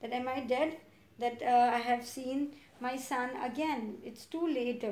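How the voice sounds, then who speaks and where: A woman teacher with an Indian English accent and a slightly high voice reads a story aloud line by line. She re-explains each part in simple words and asks her class questions. The sound is echoey, as in a bare room. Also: steady tone, unhurried, darkish tone.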